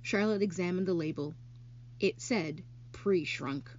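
A woman narrating a children's novel aloud in an expressive storytelling manner. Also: mid-range voice, normal speed, muffled recording, slight background noise.

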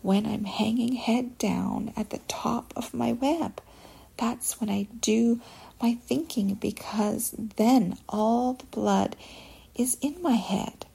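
Woman whispering as Charlotte, a calm wise spider. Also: on the high side, takes it slowly, creaky, slightly rough, full character voice, rough recording. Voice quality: soft whisper. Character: calm wise female spider, cool and collected. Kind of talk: whispered role-play.

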